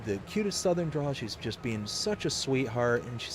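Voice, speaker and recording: A man's voice: mid-range voice, sing-song, moderate pace, hardly any pauses. Upbeat young male streamer from the US South, casual and rambling, faint background noise. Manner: upbeat, rambling, reads chat aloud. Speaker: livestream host. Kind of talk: casual live-stream chat.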